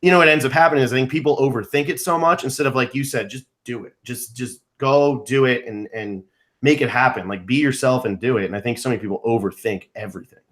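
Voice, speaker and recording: A man's voice: mid-range voice, quick pace, fairly bright tone. A man co-hosting a casual podcast, easygoing and agreeable, often repeating his words. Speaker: podcast co-host.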